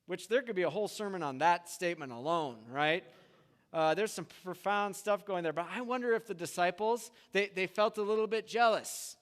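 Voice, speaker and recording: A man's voice: high-pitched, moderate pace. A man preaching a sermon as a pastor, in a conversational way, and acting out the people in the stories he tells. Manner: conversational, animated retellings with acted quotes. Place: church sanctuary. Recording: long church hall reverb.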